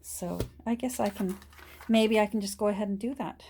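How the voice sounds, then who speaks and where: A middle-aged woman chats casually while working, showing off a book haul to her phone and restarting her sentences as she goes, dropping to a whisper while she shows pages. Her voice is gravelly and dark, medium in pitch, at a normal speed, with slight background noise.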